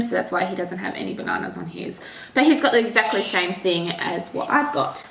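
A woman's voice: on the low side, huge pitch swings, a little fast. A young Australian woman in her twenties, a stay-at-home mum, chatting casually to her viewers in a vlog. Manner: chatty, keeps addressing viewers as "you guys". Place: at home, indoors and in the backyard. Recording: roomy, distant camera audio with noise.

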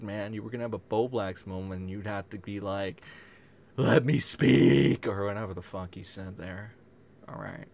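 A man doing casual reaction commentary on a call, swearing freely and mocking with laughing asides. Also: on the low side. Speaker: commentary streamer.

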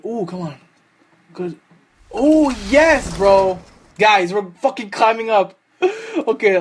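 A young man hosting a gaming channel, giving excitable, profane live commentary while opening game cases, swinging between hype and groaning despair. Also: sits high, slight background noise.

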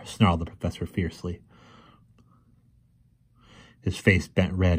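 A man reads a novel aloud in a steady, measured way. His voice sits very low and carries a husky grain. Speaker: storyteller.

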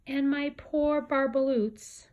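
A woman's voice: sits high, steady tone, slow pace, a little mellow, voice pushed up. A woman reading a picture book aloud and voicing a small grumpy male creature who guards the trees, in a scolding, pleading manner. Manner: scolding, pleading storybook delivery.

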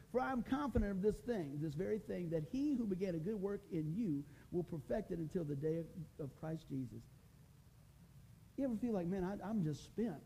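A preacher man in full sermon, folksy and lively, jumping between jokes and scripture. His voice sits high and mellow, with a faint hum of room noise behind him. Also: rough recording. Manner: folksy, animated preaching with humor and shifting volume. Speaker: pastor.

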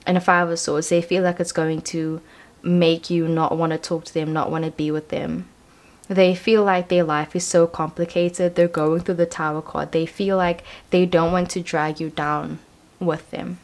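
Young female tarot reader, slightly low pitch, casual, reassuring, rambling delivery. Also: flat delivery, normal speed. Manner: chatty, reassuring, lots of "you know" and "um". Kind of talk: casual pick-a-card tarot reading.

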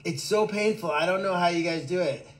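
A man with a fairly high voice hosts a relaxed livestream, reading and answering viewer comments. He jokes around and rambles, often stammering and restarting his sentences. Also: brisk. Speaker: animal sanctuary livestream host.

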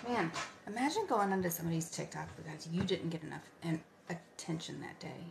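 Gravelly-voiced woman chatting on a livestream. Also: on the low side, animated, a little fast, faint music behind. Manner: chatty, reads and answers viewer comments, drifts into soft asides. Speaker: livestream host. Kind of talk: casual late-night livestream chat.

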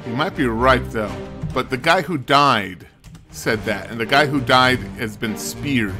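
A man's voice: medium pitch, animated, unhurried. Man muttering through a mystery game. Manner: thinking aloud, muttering to himself. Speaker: streamer. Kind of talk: let's play commentary. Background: game music.

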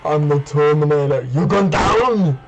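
A man putting on a gravelly impression of a killer-robot movie hero, slow and hammy. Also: a little high, background noise. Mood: menacing. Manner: slow, loud, hammy growl.

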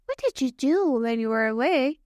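A woman's voice: high-pitched, lively intonation, moderate pace, a little mellow, dry recording. A woman reading the lines of a poor, caring mother in a storybook, in close to her own voice. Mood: curious.

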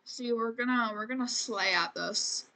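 In a fairly high, sharp voice at normal speed, a woman streamer gives loose, chatty commentary on the life-sim game she's playing. She's self-deprecating and frequently drops "man" and "frickin'."

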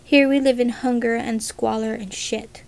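A woman's voice: fairly high pitch, steady tone, normal speed, creaky, darkish tone. A woman voicing a defiant, proud young village man who speaks boldly and mockingly in a storybook reading. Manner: bold, mocking.

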